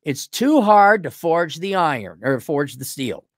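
A man's voice: unhurried, no room sound, clean studio sound. A man hosting an advice show, giving blunt, mocking advice in a brash rant. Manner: brash and mocking, lively swoops in pitch.

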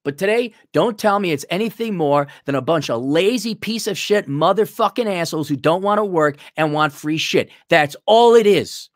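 A man's voice: high-pitched, expressive, normal speed, few pauses, dry recording, clean studio sound. A man giving a profane, heated and mocking rant as a political commentator on a livestream.

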